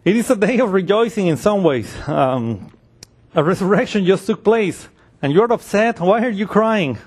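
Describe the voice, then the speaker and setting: Speaking at a normal speed with a slightly rough, somewhat high male voice, a preacher delivers a laid-back, conversational sermon. Now and then he briefly voices the people in the story he's telling.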